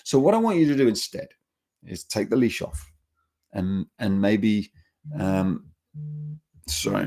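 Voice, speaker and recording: A man's voice: medium pitch, creaky, a little mellow. A middle-aged man, a dog trainer, teaching a seminar in an earnest, repetitive way with restarts. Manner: earnest, repetitive, talks with restarts and acted-out quotes.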